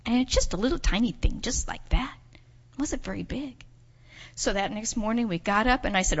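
A woman telling a children's story in church, animated and expressive, putting on voices for the people in her tale. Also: fairly quick, husky. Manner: expressive, acts out voices with big pitch jumps. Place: church sanctuary. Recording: dull sound in a reverberant church hall.

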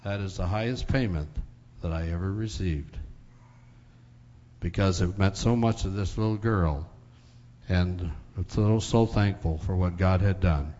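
A man voicing a kind, gentle surgeon. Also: low-pitched, a little slow, pauses often, pitched below the performer's own voice. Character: kind male eye surgeon, gentle and generous. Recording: dull recording in a large hall.

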